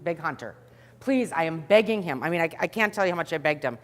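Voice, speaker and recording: A middle-aged woman telling a story to an audience in an animated way, acting out the scenes. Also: low voice, fast, big-room sound. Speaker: speaker.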